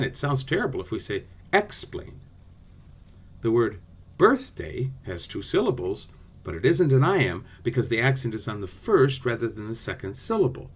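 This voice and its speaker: A man's voice: medium pitch, husky. A man teaching a class video, explaining poetic rhythm in a playful way and sounding out beats. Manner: lively, playful teaching voice with sung-out rhythm syllables.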